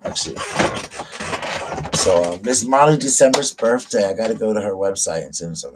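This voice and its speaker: A man's voice: mid-range voice, expressive, a little fast, a little mellow, husky, low-quality recording. A man hosting a casual live stream, rambling and chatting to his viewers. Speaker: livestream host.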